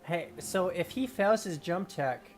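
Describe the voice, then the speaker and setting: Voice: medium pitch, lively intonation, measured pace, music in the background. A player in a tabletop game over voice chat, rambling and restarting sentences. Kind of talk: casual tabletop play.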